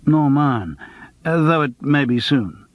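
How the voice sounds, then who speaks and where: A man voicing a low-key, rueful actor who dabbles in detection, in an audiobook. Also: expressive, slow pace, no room sound. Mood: hesitant. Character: Charles, subdued male actor-sleuth. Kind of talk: audiobook character voice.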